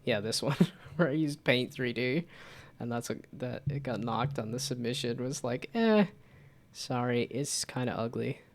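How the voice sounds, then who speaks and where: A man's voice: medium pitch, steady tone, normal speed. A man chatting casually on a live stream about his game development projects, rambling and self-deprecating.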